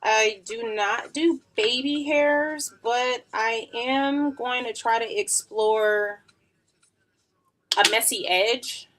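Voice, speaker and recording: A woman in her thirties talks through a wig install on a live stream from home. Her voice is bright and forward, and she rambles casually with plenty of slang and easy laughter. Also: fairly high pitch, slow, a little hiss or hum. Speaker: beauty livestreamer.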